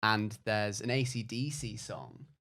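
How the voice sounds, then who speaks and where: A man in his twenties, a podcast guest, telling a casual anecdote in an animated, rambling way with many fillers. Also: fairly low pitch, measured pace.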